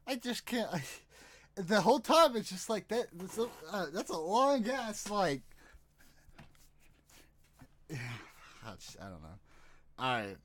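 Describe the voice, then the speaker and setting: A man's voice: high-pitched, big pitch swings, unhurried, long pauses, a bit bright. A man doing let's-play commentary, crude, joking and exasperated. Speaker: gameplay streamer.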